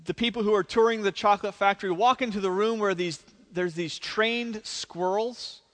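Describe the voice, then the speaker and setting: A man preaches to a church congregation, his voice riding high as he tells the story with animated energy. Each phrase rings out and trails off in the long reverb of a large sanctuary. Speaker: pastor. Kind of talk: sermon.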